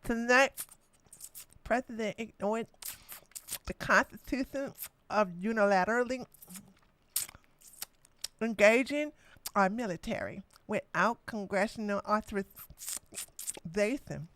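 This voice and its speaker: A woman's voice: mid-range voice, fairly bright tone. A woman doing a drunk, slurring elderly woman politician. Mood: slurred. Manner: slurred, halting reading with stumbles.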